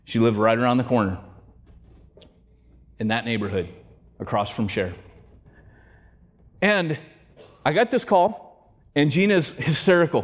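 A man preaching a sermon, telling a story in an animated way and joking with his congregation. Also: medium pitch, measured pace, long pauses. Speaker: pastor. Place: church sanctuary. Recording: long church hall reverb.

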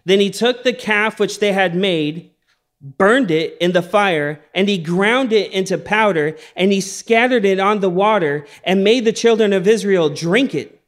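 A man's voice: high-pitched, unhurried. A man preaching a sermon as a pastor, reading and retelling stories in a conversational way and asking the audience questions. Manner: conversational storytelling, asks the audience.

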